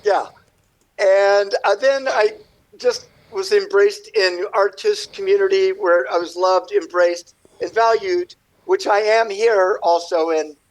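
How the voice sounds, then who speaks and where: On a radio interview, a male guest artist with a strikingly high voice tells a meandering story slowly but with animated energy, doing little voices for the people in it. The audio quality is low.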